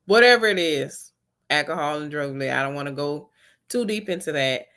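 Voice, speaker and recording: A woman's voice: low voice, expressive, brisk, fairly bright tone. A woman giving earnest, encouraging wellness advice to her viewers in a casual way, repeating her key points.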